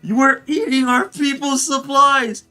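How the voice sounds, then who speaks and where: A man's voice: very high-pitched, steady tone, unhurried, bright, forceful tone, faint music behind, pitched above the performer's own voice, full character voice. A man playing an outraged proud warlord. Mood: indignant.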